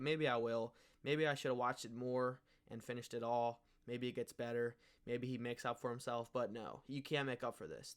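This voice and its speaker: A young man rants in casual commentary, heavy on slang and cursing. He mocks his target with offhand scorn. His voice sits at an ordinary middle pitch. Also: a bit bright. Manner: slangy, mocking, swears a lot. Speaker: MMA commentary YouTuber.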